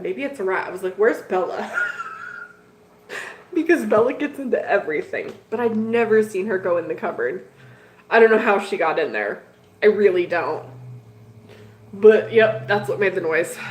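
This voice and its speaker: A middle-aged woman telling a story to her viewers in a chatty, lively way, laughing often. Her voice sits in the middle range, and the room around her has a noticeable echo. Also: medium pitch, normal speed, slight background noise. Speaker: betta fish channel host. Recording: echoey room.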